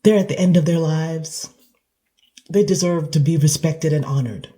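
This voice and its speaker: A woman talking through an emotional reaction, halting and clearing her throat at times. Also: low voice, mellow. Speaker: commentator.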